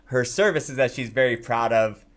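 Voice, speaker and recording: A man narrating a tabletop game as dungeon master in a casual, halting way with many fillers. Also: mid-range voice.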